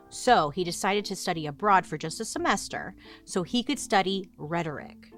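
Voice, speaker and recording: Animated young woman telling history stories. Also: lowish voice. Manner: chatty, sarcastic asides, dramatic swings. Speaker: host. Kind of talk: comedic history storytelling.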